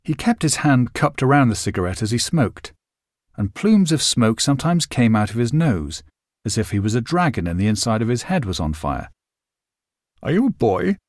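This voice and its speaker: Reading a novel aloud at normal speed, this male audiobook narrator delivers expressive, scripted storytelling. Each line sees his pitch move freely and colorfully; the audio is close and dry, without room echo.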